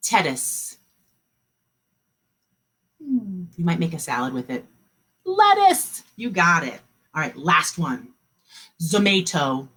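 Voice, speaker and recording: A woman teaching a kindergarten class online, encouraging the children and sounding out words slowly. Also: low voice, pushed and bright, slightly rough.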